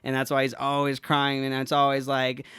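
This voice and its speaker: A man's voice: mid-range voice, monotone, normal speed, fairly bright tone, smooth, no echo. A man hosting a podcast, telling an emotional story in a rambling, profane, heartfelt way. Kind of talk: casual heartfelt chat.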